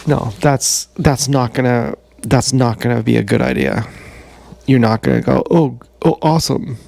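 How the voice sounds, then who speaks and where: A man's voice: medium pitch, fairly even intonation, normal speed, vocal fry, darkish tone. A man live-streaming a rambling, profane monologue that sounds like he is talking to himself, recorded on an action camera mic. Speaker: vlogger.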